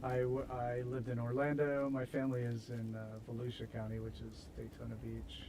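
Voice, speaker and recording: A man's voice: medium pitch, monotone, moderate pace, noisy background. An American man hosting a game livestream, chatting casually and rambling, with self-mocking jokes. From United States. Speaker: streamer host. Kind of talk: casual chat while building in a game.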